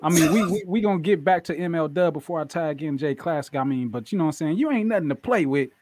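A man's voice: fairly high pitch, fast, a little mellow, slight background noise. A man co-hosting a wrestling podcast, laughing and hyping up his guest. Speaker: podcast co-host. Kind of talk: casual chat.

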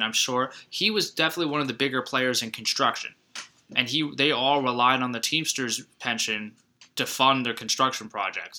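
Bright-voiced animated male podcaster. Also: medium pitch. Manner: animated, acts out movie lines in put-on voices. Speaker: podcast co-host. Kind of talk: casual chat.

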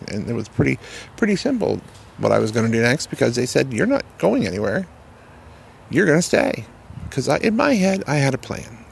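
Very gravelly man telling his story. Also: lowish voice, slight background noise. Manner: halting, repeats words, earnest. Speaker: person sharing a recovery story. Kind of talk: personal testimony.

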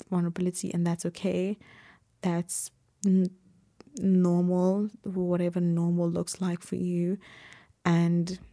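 A woman's voice: on the low side, mellow, no echo, clean studio sound. A woman hosting a casual solo podcast, talking in a reassuring, rambling way with many fillers into a desk mic she keeps bumping. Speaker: podcast host.

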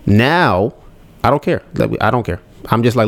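A podcast host talks candidly in a casual solo episode, rambling about handling his anger and acting out his own thoughts. His mid-range voice has lively intonation at a moderate pace.

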